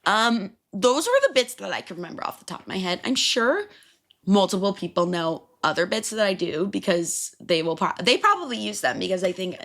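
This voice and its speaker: A woman's voice: mid-range voice, lively intonation, a little fast, a bit bright. A young woman hosting her own podcast, rambling casually and swearing often, laughing at her own stories about working as a server. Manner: rambling, profane, self-amused, laughs often. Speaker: podcast host. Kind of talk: casual solo podcast chat.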